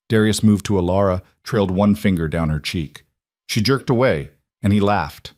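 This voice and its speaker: A man narrating a paranormal romance audiobook in a dramatic, measured way. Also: lowish voice, darkish tone, no room sound, studio quality. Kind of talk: scripted narration.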